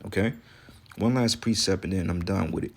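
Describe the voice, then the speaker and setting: A man's voice: low voice, a little fast. A man with a congested voice giving casual, heated religious talk, profane and ranting, with scripture readings between. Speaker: religious commentator.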